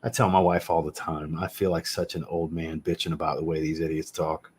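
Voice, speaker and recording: A man's voice: a bass voice, little pitch movement, brisk, a little mellow, husky. A man in his thirties hosting a casual live chat about fragrances from home, blunt and joking, and he swears casually. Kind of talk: casual livestream chat answering viewers. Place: home room with a fragrance shelf.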